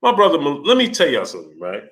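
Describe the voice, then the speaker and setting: A man with a bright, forward voice hosts a casual sports livestream. He keeps greeting viewers in the chat by name between points and breaks into animated, exasperated rants. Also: a little high, fast talker. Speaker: livestream host.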